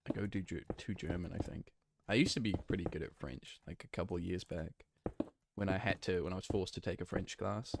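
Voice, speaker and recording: A streamer with a low, fairly quick voice and some vocal fry rambles casually as he plays a block-building game and answers his live chat. He's easygoing, full of fillers and self-corrections, and there's noticeable noise in the background.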